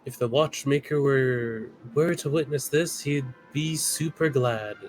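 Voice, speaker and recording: A man's voice: mid-range voice, unhurried, faint music behind, low-quality recording. A man co-streaming a game, reading character lines and hamming up a put-on Southern accent. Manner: playful, drawls in a put-on Southern voice.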